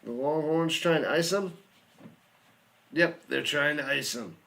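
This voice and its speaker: A man's voice: fairly high pitch, measured pace, creaky, sharp tone, a little hiss or hum. A man giving live play-by-play commentary, chatty, humming and joking between plays and rising on big ones.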